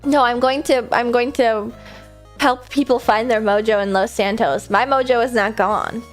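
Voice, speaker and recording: High-voiced giggly woman streamer. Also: fairly even intonation, soft background music. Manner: giggly, self-mocking, quick asides. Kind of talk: casual chat with viewers.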